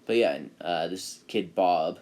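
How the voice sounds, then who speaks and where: Man, low voice, rambling, fillers, self-correcting, casual storytelling. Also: slow pace, a little mellow. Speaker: anime video maker.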